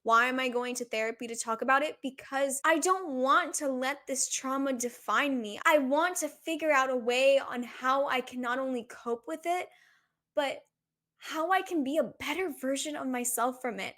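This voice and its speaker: Twenty-something woman hosting her own podcast, kinda high voice, earnest, says like a lot. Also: moderate pace, fairly bright tone. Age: 20s. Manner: earnest, confessional, says "like" often. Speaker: podcast host. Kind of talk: solo podcast reflection.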